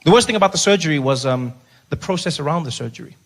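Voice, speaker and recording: Animated man doing stand-up. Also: a little high, fast. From South Africa. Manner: animated storytelling, acting out voices, dropping to a soft hush for jokes. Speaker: stand-up comedian. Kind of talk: stand-up comedy routine. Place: stage.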